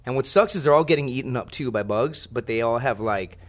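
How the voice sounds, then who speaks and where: A young man telling a story as a podcast guest, in rambling, profane casual chat with lots of animated asides. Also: mid-range voice, a little fast.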